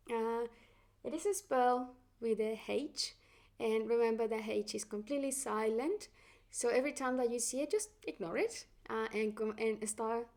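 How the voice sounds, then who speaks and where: A woman teaching Spanish in a patient, encouraging way, her Latin American Spanish accent clear in every phrase. She speaks a touch high, with gravelly fry in her voice, and often pauses on fillers and restarts her sentences. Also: a little mellow. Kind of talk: online language lesson.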